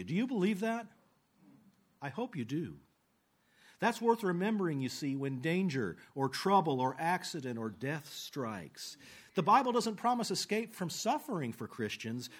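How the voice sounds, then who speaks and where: Male preacher, earnest sermon delivery, fairly high voice that swings widely in pitch. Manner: earnest, rises then drops low at phrase ends; slows down for quoted scripture.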